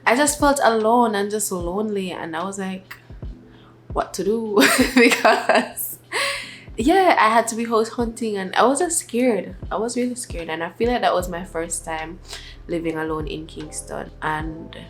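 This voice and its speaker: A young woman vlogger in a casual sit-down chat, talking softly and rambling with many filler words. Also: medium pitch, moderate pace, soft background music.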